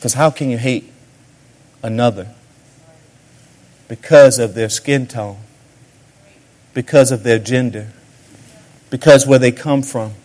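A man preaching a sermon as a pastor, swinging between sudden shouts and hushed asides. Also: medium pitch, steady tone, slow, long pauses.

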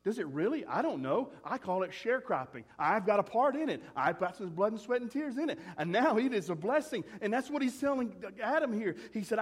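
A man's voice: high voice, very animated, a little fast, husky, in a large hall. A man preaching a sermon as pastor, talking to his congregation in a conversational way with rhetorical questions. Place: church.

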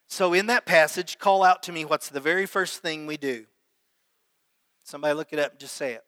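Bright-voiced preaching pastor, man. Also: a little high, fairly quick, smooth, no room sound, in a large hall. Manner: preaches with prayer and call-and-response to the congregation. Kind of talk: sermon.

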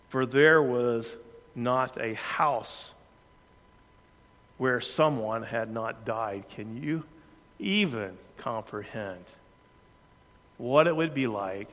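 A man preaching a sermon, earnest, shifting his pace and loudness for emphasis. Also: medium pitch. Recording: long hall reverb.

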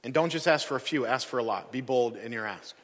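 A man voicing a calm, directive old prophet giving instructions within a sermon. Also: medium pitch, fast, pitched below the performer's own voice, lightly acted. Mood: instructive. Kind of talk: acted quote in a sermon. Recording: long hall reverb.

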